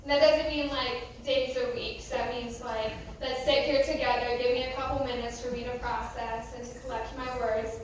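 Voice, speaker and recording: A young American woman, a youth pastor, gives a casual, conversational youth sermon full of fillers in a church youth room. Her voice sits on the high side, with a steady tone, normal pace, and hardly any pauses. The recording is echoey and distant, with slight background noise.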